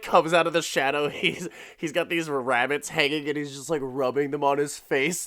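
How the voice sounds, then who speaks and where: A man's voice: fairly high pitch, fairly even intonation, moderate pace, hardly any pauses, a bit bright, no room sound, clean studio sound. A man hosting a comedy podcast, recapping an episode in a loose, laughing, profane style and putting on voices for the characters. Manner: laughing, swearing, acts out characters in put-on voices. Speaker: podcast host.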